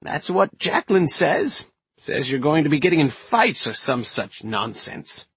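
A man's voice: fairly high pitch, very animated, unhurried, a bit bright, breathy edge, no echo, pitched above the performer's own voice, heavily acted. A man voicing a feisty, blunt old woman witch in an audiobook, scornful and bossy. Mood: gruff, scornful.

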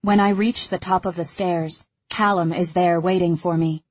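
A woman narrating an audiobook in the first person, with a husky voice and an even, measured reading. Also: lowish voice, dry recording, highs cut off.

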